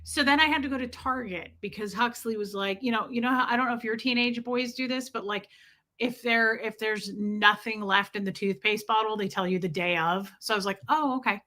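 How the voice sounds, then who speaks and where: A woman in her forties hosting a live stream, telling stories in an animated, exasperated, chatty way. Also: mid-range voice, a little fast. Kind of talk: casual live stream storytelling.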